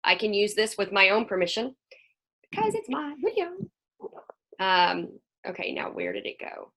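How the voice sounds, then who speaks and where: A woman's voice: medium pitch, wildly swooping pitch, moderate pace, fairly bright tone. A middle-aged woman counselor and play therapist speaking to a moms' group over a video call, chatty and folksy, sometimes acting out children's voices.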